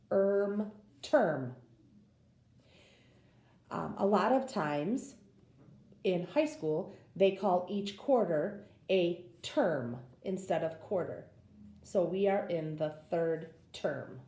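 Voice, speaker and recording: A woman's voice: on the low side, dark tone, reverberant. A woman teaching a phonics lesson, patiently sounding out words for young learners.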